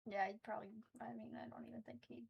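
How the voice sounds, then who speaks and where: A woman friend bantering casually, spinning deadpan absurd jokes. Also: on the high side, fast talker, creaky, breathy edge, dull audio.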